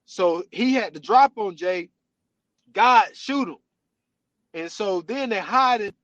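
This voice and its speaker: High-voiced man animatedly retelling a story. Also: slow pace, no room sound, low-quality recording. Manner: animated storytelling, often says "you know what I'm saying". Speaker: podcast host. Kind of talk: casual chat.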